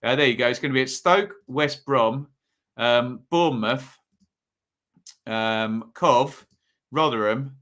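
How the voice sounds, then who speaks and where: A man's voice: medium pitch, bright, forceful tone. A man hosting a live football watchalong stream, chatting casually and rambling, with lots of ums and self-corrections. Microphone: phone or desk mic at a home setup.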